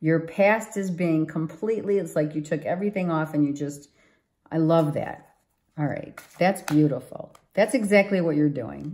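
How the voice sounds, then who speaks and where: A woman's voice: low-pitched, moderate pace, a little mellow. A woman giving a tarot reading to viewers, emphatic and exclaiming, often repeating herself. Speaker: tarot reader.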